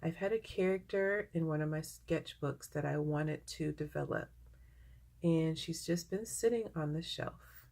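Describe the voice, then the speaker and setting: A woman talks to her viewers in a casual vlog. Her voice sits low with a gravelly edge. She gushes and grows emotional as she shares her work. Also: a little slow, a little mellow. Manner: gushing, emotional. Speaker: vlogger.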